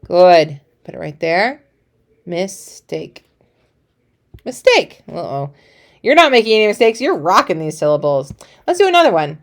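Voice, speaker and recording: A woman's voice: lowish voice, very animated, fairly quick. A woman teacher giving a recorded phonics lesson to young children, encouraging and playful, praising often.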